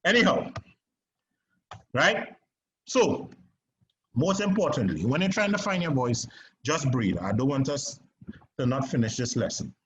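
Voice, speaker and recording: A man teaching an online acting lesson, talking conversationally with emphatic pauses and checks on whether his listeners follow. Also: mid-range voice, sing-song, fairly bright tone, lo-fi sound, slight background noise.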